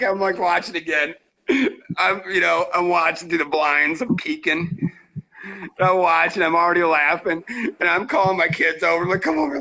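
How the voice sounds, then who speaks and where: Gravelly, bright-voiced rowdy man. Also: high voice, a little hiss or hum, poor audio. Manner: rowdy, joking, crude humor. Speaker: trapping channel host. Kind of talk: casual storytelling.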